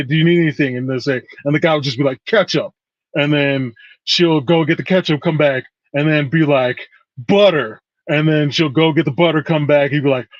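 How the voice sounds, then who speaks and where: A man co-hosting a casual podcast, slightly higher in pitch, telling a scene from start to finish in an easygoing way. The audio is a little dull and muffled, and the room is dry. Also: no room sound. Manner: relaxed storyteller, recounts scenes step by step. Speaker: podcast co-host.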